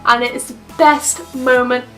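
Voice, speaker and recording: A young woman giving a casual, rambling film review, excitable and swearing freely. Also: fairly high pitch, unhurried, soft background music. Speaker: movie reviewer.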